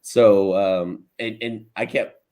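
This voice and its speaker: A man's voice: on the low side, fairly even intonation, slow pace, a little mellow. A man hosting a crypto live stream, chatting upbeat and speaking straight to viewers. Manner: upbeat, addresses viewers as guys. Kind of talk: casual chat.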